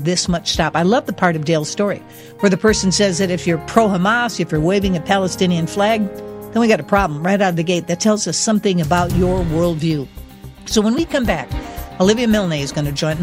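A man hosting a Christian talk radio show, delivering impassioned, preacherly commentary full of rhetorical questions. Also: high voice.

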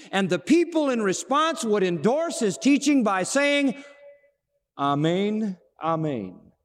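A male preacher speaks with dramatic flair, acting out the dialogue he quotes. His delivery dips to hushed lows and rises to ringing highs, and a long hall echo trails his words.

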